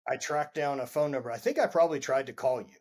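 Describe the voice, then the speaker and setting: A man's voice: mid-range voice, fast talker, darkish tone. A man guesting on a podcast, telling a story in a laid-back way and swearing freely. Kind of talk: casual chat.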